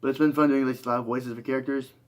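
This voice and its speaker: A man's voice: medium pitch, level tone, very fast. A tired young man talking through a rambling, reflective monologue, full of fillers and restarts. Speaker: YouTuber.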